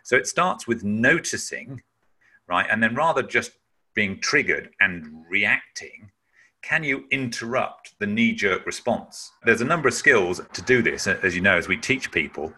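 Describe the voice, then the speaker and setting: A man's voice: lowish voice, lively intonation, a little slow, bright, forceful tone, slightly rough. A man giving a webinar talk on managing emotions, explaining emphatically and sometimes acting out sounds. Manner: emphatic, acts out breath-holding sounds. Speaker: webinar speaker.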